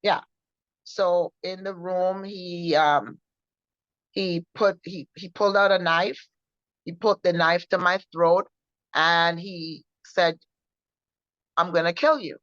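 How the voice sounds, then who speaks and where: A woman sharing her personal testimony in an earnest, halting way, often repeating herself and restarting. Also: lowish voice, fairly even intonation, fairly bright tone, no room sound. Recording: dull lo-fi recording.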